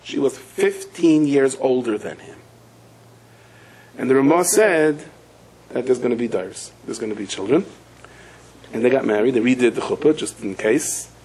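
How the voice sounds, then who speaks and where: Rabbi spinning a story, acts out all the voices, mixed in. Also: male voice, mid-range voice, normal speed, pauses often, husky, low-quality recording. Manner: animated storyteller, acts out quoted voices, cries out at climaxes. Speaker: rabbi giving a Torah class. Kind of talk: storytelling lecture.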